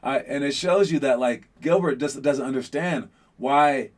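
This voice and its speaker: A man's voice: mid-range voice, moderate pace. A man hosting a basketball show, chatting casually to his viewers with lots of restarts and fillers. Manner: rambling, many restarts and fillers, addresses the audience as guys.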